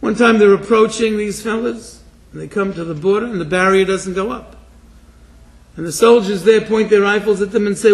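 Man, very high voice, sermon, hushed storytelling, shouted exhortation. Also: moderate pace, creaky. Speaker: rabbi.

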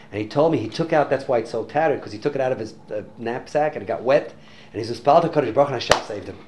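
A man telling a story in a religious talk to an audience, animated and sprinkling in Hebrew and Yiddish words. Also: mid-range voice, slight background noise. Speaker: religious teacher.

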